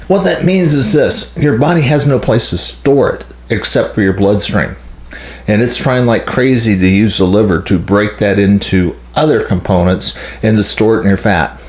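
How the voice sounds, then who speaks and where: Blunt low-voiced man in an echoey room. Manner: blunt, emphatic, repeats key points. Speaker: health channel host. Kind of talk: casual explanatory monologue.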